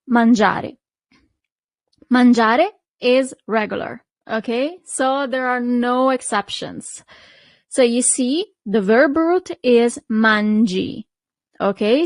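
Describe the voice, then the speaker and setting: A woman's voice: a little high, no room sound. A woman teaching a language lesson, patiently repeating each word and checking in with the listener. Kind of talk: slow, clear language lesson.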